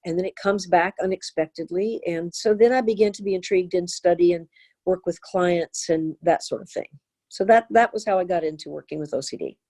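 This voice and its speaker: An older woman, a therapist and author, telling a personal story in an interview with earnest, animated delivery. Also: fairly low pitch, a little fast.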